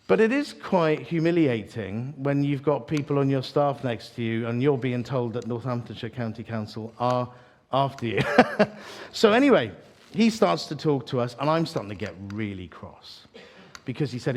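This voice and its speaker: Animated self-mocking preacher, man. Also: mid-range voice, moderate pace. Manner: animated, self-mocking, acts out voices in his story. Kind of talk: storytelling sermon. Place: church hall, live audience.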